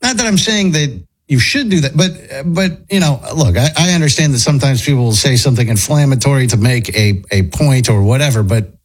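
A man's voice: medium pitch, brisk, few pauses, breathy edge, poor audio. A man hosting a casual commentary chat, talking in a conversational way with restarts as he reacts and thinks aloud. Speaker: host.

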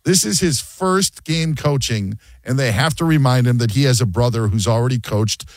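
A man's voice: medium pitch, moderate pace, no echo. A man hosting a sports radio show, chatting casually and joking, often mimicking other people mid-story.

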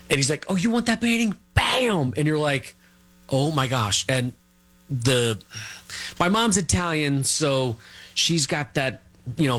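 A middle-aged man telling a family story as an interview guest, rambling and halting, full of fillers and restarts. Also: lowish voice, fairly bright tone.

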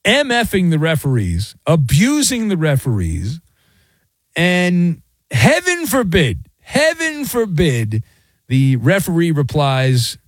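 A man's voice: fairly high pitch, no echo. A middle-aged man hosting a sports talk radio show, sarcastic and theatrical. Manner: sarcastic, theatrical, mocking voices.

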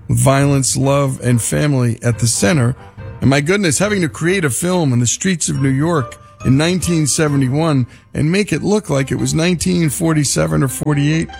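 A man's voice: medium pitch, gravelly, a little mellow. A male radio host wrapping up a segment in an enthusiastic broadcast style. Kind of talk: broadcast talk.

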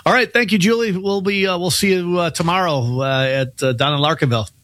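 A man's voice: high voice, a little fast, fairly bright tone, no echo. Chatty male radio host, dry studio sound. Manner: chatty, laughs while retelling stories. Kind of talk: casual radio chat.

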